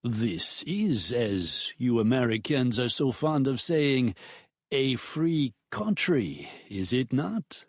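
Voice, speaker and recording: A man's voice: mid-range voice, sing-song, slow pace, no room sound, studio quality, exaggerated voice. A man voicing a smug, whiny foreign ex-husband with a reedy voice in an audiobook. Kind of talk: audiobook character voice.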